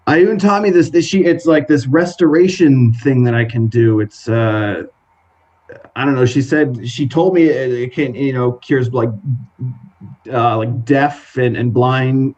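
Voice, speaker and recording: A man narrating and playing a tabletop role-playing game in casual, halting speech full of restarts. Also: mid-range voice, darkish tone. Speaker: game master and player.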